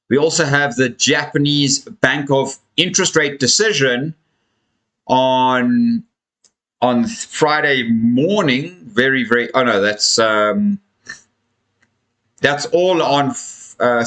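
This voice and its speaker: A man's voice: mid-range voice, fairly bright tone, rough recording. Tired, chatty male crypto livestream host. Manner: chatty, addresses viewers as friends, stretches words for emphasis. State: tired and yawning. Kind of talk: casual live-stream market commentary. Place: home room with a fan running.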